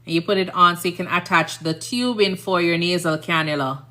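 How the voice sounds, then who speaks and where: A woman's voice: on the low side, fairly quick, a bit bright. A woman from Jamaica with a Jamaican accent, a nurse chatting casually on a livestream, rambling and often checking "you understand?".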